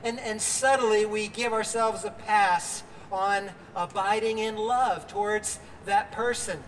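Older male pastor, high voice, earnest outdoor sermon, heard from far off with reverb and faint background noise. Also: steady tone, takes it slowly, fairly bright tone. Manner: earnest, with fillers and restarts.

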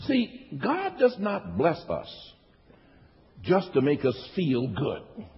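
A man preaching in a church, his voice rising and falling with lively energy and sitting a little high. He repeats phrases and calls out to his congregation. The sound rings through a reverberant hall and comes across muffled and lo-fi. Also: slow. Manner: animated, repetitive call-and-response preaching. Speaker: pastor. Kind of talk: sermon. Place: church sanctuary.

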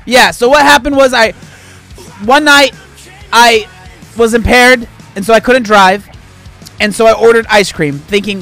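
A man hosting a casual vlog, ranting in an exasperated, animated way and tossing in "dude" and "bro". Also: high-pitched, normal speed, faint music behind. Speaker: food vlogger host.

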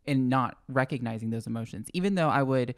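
A young man speaking as a podcast guest in a casual chat, reflecting openly on his feelings. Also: mid-range voice. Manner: reflective, fast, frequent soft agreement sounds.

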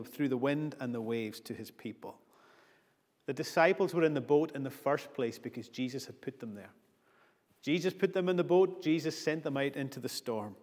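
A man's voice: mid-range voice, a little mellow. Earnest preacher man in an echoing church. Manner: earnest, builds with repeated phrases. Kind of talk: sermon. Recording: long church reverb.

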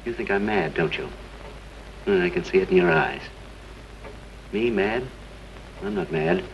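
A vengeful, unhinged killer confessing in a slow, measured, low voice. The sound is a dull, hissy 1930s film soundtrack. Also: male voice, vocal fry, exaggerated voice. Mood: cold. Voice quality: calm and measured, breaking into mocking laughter. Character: vengeful man unmasked as the killer, coldly unhinged. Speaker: villain.

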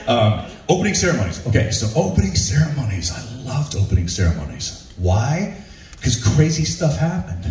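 Telling stand-up stories to a live audience in a ship's show venue, a medium-pitched man speaks at a normal speed and presents his own comedic show. He's animated, laughs often, and acts out what people said. There's background noise, faint hall ambience, and a distant mic in the roomy space.

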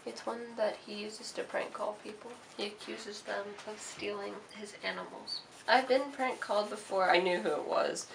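A woman's voice: mid-range voice, steady tone, normal speed, gravelly, hardly any pauses, noisy background. A young woman co-hosting a casual chat, giggly and playful. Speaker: co-host.

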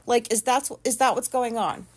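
A woman hosting a solo podcast, telling a rambling, profane story in an animated way. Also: fairly high pitch, moderate pace, husky. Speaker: podcast host.

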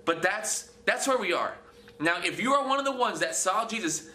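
A man with a high, bright voice preaches casually to his viewers as a Christian channel host. He is animated, slips into the voices of people he quotes and repeats words as he goes. The room around him sounds echoey. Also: normal speed.

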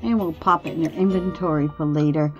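Talking fast in a low voice, a woman hosts a gameplay video, relaxed as she reasons aloud about her choices during play. The highs are cut off in the audio, and faint game music plays in the background.

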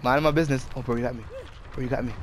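A man's voice: medium pitch, steady tone, very fast, a little hiss or hum. A young man giving casual, exasperated commentary over a game he is playing, swearing often and talking to himself and the game. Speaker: gameplay streamer.

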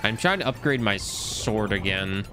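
A young man chatting casually while streaming a game, telling stories with big rises in his voice when excited. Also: unhurried, loud music behind the voice. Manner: animated storytelling, swings high when excited. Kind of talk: casual gameplay commentary.

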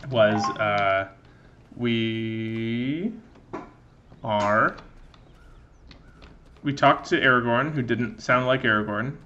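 Playing a video game, a young man rambles through sarcastic, profane commentary in a mid-range voice that sounds bright and forceful. He talks slowly with long pauses, and the dull audio carries a little hiss or hum.

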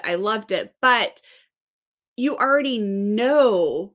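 Expressive woman with a lively, swooping voice. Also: medium pitch, normal speed. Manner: expressive, animated storytelling. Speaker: book channel co-host. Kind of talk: casual book chat.

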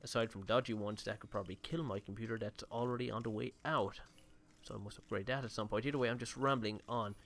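A man's voice: lowish voice, steady tone, fast, fairly bright tone. A man giving casual, rambling let's-play commentary on his own game session, with mild swearing. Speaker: gaming YouTuber.

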